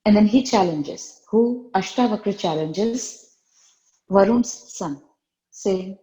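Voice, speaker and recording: A woman's voice: medium pitch, slow, mellow, roomy sound, poor audio. A woman retelling a spiritual story in a conversational way, often repeating phrases for emphasis.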